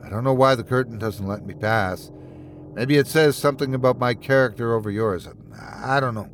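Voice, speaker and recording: A man's voice: mid-range voice, moderate pace, slight background noise, close to an everyday voice. Male narrator voicing a battered man in chains; strained, desperate, pleading.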